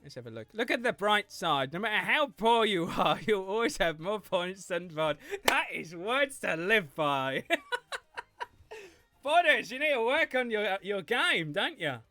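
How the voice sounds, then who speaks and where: A man's voice: high-pitched, sing-song, unhurried, bright, forceful tone, faint music behind. A man chatting playfully with his viewers while he livestreams a game, teasing and laughing often. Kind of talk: casual gaming stream chat.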